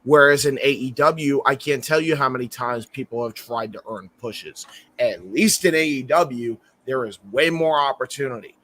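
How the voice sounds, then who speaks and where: A man's voice: mid-range voice, moderate pace, a bit bright. A man on a wrestling talk panel, arguing his point bluntly and casually with profanity. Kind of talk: casual online chat.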